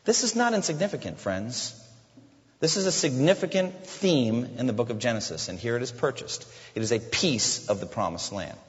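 Man preaching, lively pitch, hall echo. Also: moderate pace, lo-fi sound. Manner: expressive scripture reading with emphatic asides. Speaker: pastor. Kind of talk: sermon. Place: church sanctuary.

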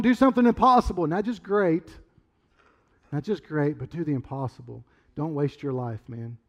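A man's voice: on the high side, dull audio. Rambling, conversational man preaching a sermon. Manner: conversational, rambling storyteller with sudden loud outbursts. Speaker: pastor.

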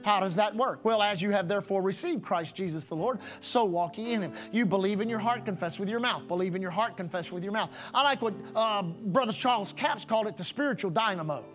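A man's voice: sits high, brisk, hardly any pauses, a bit bright, soft background music. A man preaching a sermon as pastor, repeating phrases in a rhythmic cadence for emphasis.

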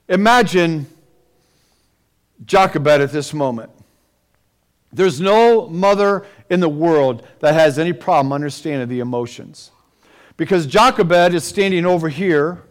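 High-pitched male preacher; vivid, dramatic Bible storytelling. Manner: dramatic, storytelling, with rising and falling intensity. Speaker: pastor. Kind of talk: sermon.

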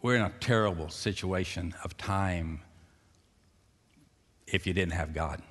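A man preaching a sermon, dropping to a hushed, slow voice and rising to loud, excited calls. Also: low voice. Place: church sanctuary. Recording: long reverb of a church hall.

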